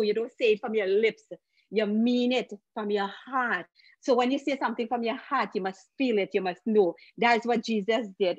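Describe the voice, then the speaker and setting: A fervent woman preaching a short sermon in a fairly high voice. She repeats her points with emphasis, and the sound is dry and a little dull, like a modest home mic. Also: no room sound. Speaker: student preacher.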